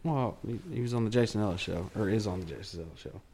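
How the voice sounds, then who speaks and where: A man's voice: on the low side, fast, dark tone, husky. A man co-hosting a podcast, rambling in casual, swearing banter. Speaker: podcast co-host. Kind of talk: casual chat.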